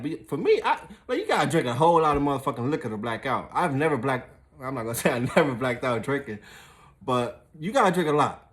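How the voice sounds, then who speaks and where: A young man in a relaxed, unscripted storytelling mood, swearing freely and circling back with lots of fillers. His pitch sits at an ordinary middle level for a man. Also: quick pace. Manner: loose and profane, with frequent fillers and laughs. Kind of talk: casual storytelling.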